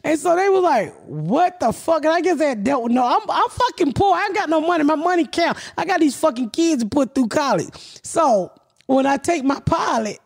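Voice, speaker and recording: A woman in her forties, a comedian hosting a podcast, telling stories in a brash, profane, animated way. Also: high-pitched, a little fast, creaky. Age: 40s. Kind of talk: casual storytelling chat.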